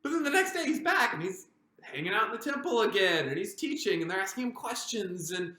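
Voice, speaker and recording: A woman's voice: mid-range voice, very animated, brisk, a bit bright. A woman playing a panicky, stammering disciple. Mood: anxious. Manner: anxious, stammering, many restarts. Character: frightened, rambling disciple of Jesus. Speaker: pastor. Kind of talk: dramatic devotional monologue. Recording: roomy echo.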